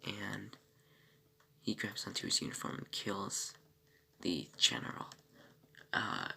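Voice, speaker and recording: A man talks through a TV episode recap in a bright, very gravelly voice whose pitch swings widely. He rambles, piles on fillers and self-corrections, and breaks off for small asides before picking the story back up. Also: expressive, takes it slowly. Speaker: TV episode reviewer.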